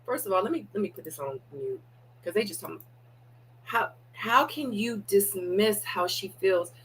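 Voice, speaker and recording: A woman's voice: mid-range voice, lively intonation, normal speed, slight background noise, rough recording. A woman hosting a live reaction watch party, talking candidly and straight to her viewers. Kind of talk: casual reaction commentary.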